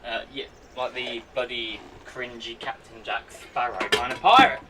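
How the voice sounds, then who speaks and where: A man chatting to himself and his viewers in an excitable way while he works on a computer at home. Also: medium pitch, normal speed. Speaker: vlogger. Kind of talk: casual running commentary while using a computer. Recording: voice a bit far from the mic, faint background noise.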